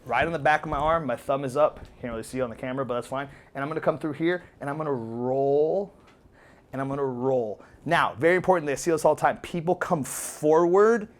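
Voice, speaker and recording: A man's voice: a little high, a little fast. A man coaching viewers through foam roller techniques, upbeat and chatty, joking and checking in with "okay?" as he demonstrates. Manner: upbeat, chatty, jokey, says okay often. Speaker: fitness coach. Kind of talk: casual instructional demo.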